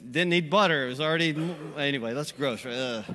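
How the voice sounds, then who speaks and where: A man's voice: mid-range voice, a little fast, bright, forceful tone. A man preaching a sermon in a church, folksy and rambling, with lots of fillers and small chuckles. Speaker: pastor. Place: church sanctuary. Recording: long reverb of a church hall.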